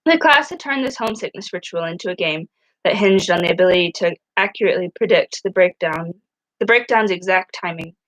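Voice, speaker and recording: A woman's voice: fairly low pitch, a bit bright, no echo, poor audio. A woman reading a novel aloud in a casual way, often stumbling and restarting her words. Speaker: reader.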